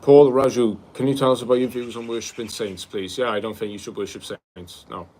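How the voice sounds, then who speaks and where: A young man from Wales, hosting a casual livestream, reading out viewer comments and answering them in a relaxed way, calling people bro. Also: medium pitch, a little fast, noisy background. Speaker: livestream host.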